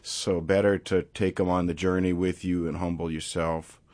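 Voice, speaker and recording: A man musician talking casually in an interview, reflective and rambling, thinking out loud about his playing and singing. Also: low-pitched, flat delivery, moderate pace, dry recording. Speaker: musician guest.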